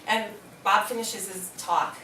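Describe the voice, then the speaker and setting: A woman's voice: medium pitch, measured pace, slight background noise. Middle-aged woman telling a story, echoey room. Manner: animated, acts out quoted voices. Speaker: speaker at a hospital presentation. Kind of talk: storytelling to an audience. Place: hospital meeting room. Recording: echoey room, mic from a distance.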